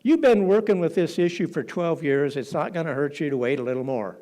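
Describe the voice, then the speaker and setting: A preacher quoting a calm, patient male teacher, unhurried and gentle, in a sermon retelling. The voice stays close to the speaker's own, lively and a little high. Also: close to an everyday voice.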